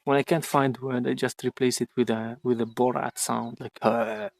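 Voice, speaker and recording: A man's voice: mid-range voice, flat delivery, normal speed, gravelly. A man chatting casually on a livestream outdoors in a garden, rambling and joking with lots of swearing. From Ukraine. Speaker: streamer.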